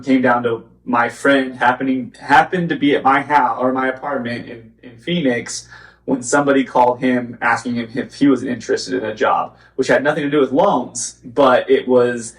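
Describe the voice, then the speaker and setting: Male host from a small desert valley town; easygoing, rambling talk, roomy and slightly distant. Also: mid-range voice. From Arizona's Gila Valley. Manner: rambling, many restarts. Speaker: podcast host. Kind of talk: casual chat.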